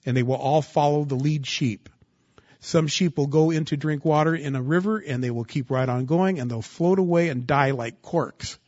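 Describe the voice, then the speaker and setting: A man preaching a sermon, asking the congregation rhetorical questions and rising into loud bursts of emphasis. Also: fairly high pitch, normal speed, no room sound, dull audio. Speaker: pastor.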